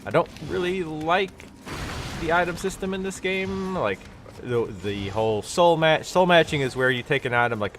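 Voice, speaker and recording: A man's voice: on the high side, animated, moderate pace, noisy background. A man with a stuffy nose giving casual, rambling commentary while he plays a game on a live stream. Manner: rambling, explanatory, with many fillers. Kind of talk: casual let's-play commentary.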